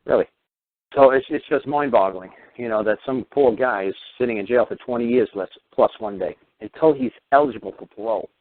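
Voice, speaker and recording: A man's voice: mid-range voice, a little fast. A middle-aged man talking on a radio call-in show, ranting in a profane, emphatic, heated way. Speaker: radio talk show host. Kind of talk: casual radio talk rant. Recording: tinny phone-line radio audio.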